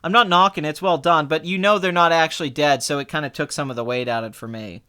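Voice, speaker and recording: This is a young man in relaxed chat, co-hosting a film review show. His voice is bright and smooth, a touch higher than most men's. He talks loosely, with fillers and restarts, and keeps slipping into lively impressions of other people. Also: quick pace. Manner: animated, mimics people in high excited bursts. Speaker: podcast co-host reviewing films. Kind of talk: casual chat.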